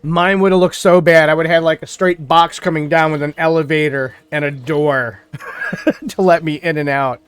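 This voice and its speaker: A man's voice: on the high side, steady tone, fairly quick, hardly any pauses, smooth, dry recording. A man from New York State chatting casually on a live game stream, rambling and thinking aloud as he plays. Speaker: gaming streamer. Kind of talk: casual live-stream chat while playing.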